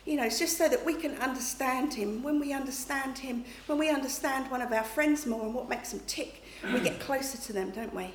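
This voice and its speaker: A woman's voice: high-pitched, fairly quick, few pauses. Chatty woman preaching in echoey room. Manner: chatty, checks in with listeners with "okay?" and "you know". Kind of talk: conversational sermon. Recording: echoey room, faint background noise.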